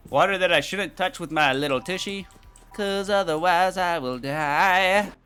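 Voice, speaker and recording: A woman's voice: lowish voice, a little slow, fairly bright tone, soft background music. A woman streaming a game, giggling and joking playfully with the odd swear word. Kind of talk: casual gameplay commentary.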